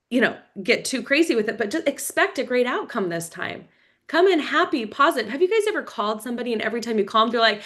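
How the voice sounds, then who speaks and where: A woman's voice: fairly high pitch, a bit bright. A woman leading a motivational team training, coaching energetically and acting out cheerful phone calls. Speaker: team leader.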